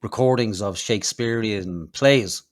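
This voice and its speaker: A man's voice: on the low side, a little slow. An Irish man co-hosting a comedy podcast, rambling and swearing as he tells a story. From Ireland. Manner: rambling, sweary, laughs often. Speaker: podcast co-host. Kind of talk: casual commentary.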